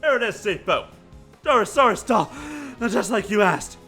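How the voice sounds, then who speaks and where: A man voicing an eager young male police agent who shouts his lines breathlessly, as in a video game. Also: high voice, expressive, moderate pace, creaky, breathy edge, faint music behind, pitched above the performer's own voice, heavily acted.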